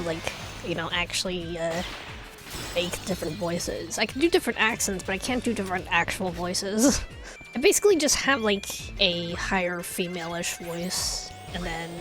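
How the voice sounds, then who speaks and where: A woman's voice: fairly low pitch, low-quality recording. Woman streamer, casual game commentary, laughs a lot, game music behind. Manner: chatty, laughs often.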